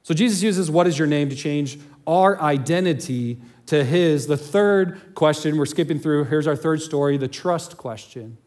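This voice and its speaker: Conversational pastor, a man with a higher voice. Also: a little slow, few pauses, a little mellow. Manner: conversational, chuckles while storytelling. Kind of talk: sermon.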